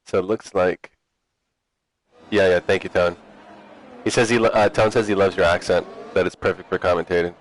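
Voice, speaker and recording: A man commentating an online sim racing league, relaxed and chatty with a teasing edge. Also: low-pitched, moderate pace, pauses often. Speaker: race commentator.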